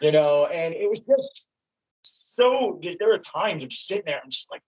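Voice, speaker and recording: A man guest excitedly retelling what he saw live, his voice jumping high when he quotes himself. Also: moderate pace, low-quality recording. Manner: animated, voice jumps high when quoting himself. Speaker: wrestling fan guest. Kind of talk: excited recounting in casual chat.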